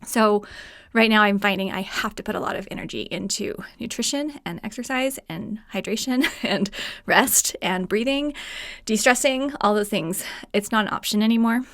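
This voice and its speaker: A woman hosts her own podcast alone from a room in her home. She talks in a loose, chatty way, full of fillers, and laughs easily as she goes. Her voice sits at a middle pitch and sounds dry and close, with no room echo. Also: moderate pace, a bit bright. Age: adult mother. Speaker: podcast host. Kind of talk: solo podcast talk.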